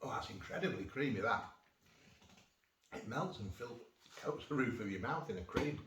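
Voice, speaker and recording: A man's voice: mid-range voice, animated, normal speed, a bit bright. Guy rambling on about food, cracking little jokes, phone sitting a bit far off in an echoey room. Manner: chatty, rambling, jokey asides. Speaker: food vlogger. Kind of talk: casual cheese-tasting vlog. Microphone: phone without external mic. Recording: roomy, distant phone mic, faint noise.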